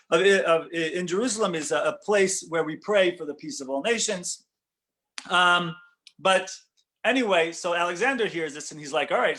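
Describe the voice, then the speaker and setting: A man, a rabbi, telling a story in a lesson, animated and often correcting himself mid-sentence. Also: high voice.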